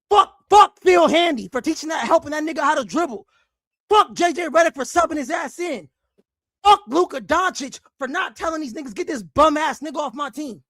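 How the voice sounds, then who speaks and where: A man hosting a basketball fan show, ranting angrily with heavy profanity and frequent shouting. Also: very high voice, no room sound, studio quality. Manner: angry, profane, often shouting. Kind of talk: heated fan rant.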